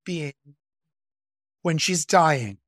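An enthusiastic podcast co-host who teaches music, chatting about a film and rushing through asides. The delivery is gushing and animated. The recording is dry and close, with no room sound. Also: medium pitch, no echo. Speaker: music educator and conductor. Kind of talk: casual film discussion.

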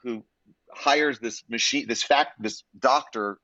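A man, an actor and guest in an interview, telling stories in an animated and expressive way with frequent restarts. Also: mid-range voice, takes it slowly, dry recording. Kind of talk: conversational interview storytelling. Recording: slightly dull, dry audio.

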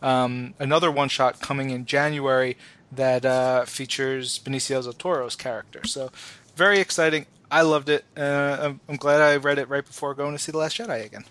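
Brief: excitable male podcast co-host, mid-pitched, chatty, lots of ums. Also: moderate pace. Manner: enthusiastic, rambling with fillers. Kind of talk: casual chat.

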